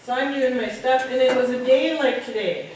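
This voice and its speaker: Animated Midwestern woman in an echoey hall. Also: high-pitched, normal speed. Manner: animated, acts out voices of people in her stories. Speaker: nurse telling comic stories. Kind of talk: stand-up comedy storytelling. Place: party hall, heard from far off. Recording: distant echoey hall recording with noise.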